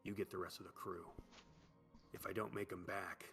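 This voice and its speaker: A man's voice: deep voice, steady tone, moderate pace, vocal fry, fairly bright tone, soft background music. A man doing a brash gung-ho goblin fighter. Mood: cocky.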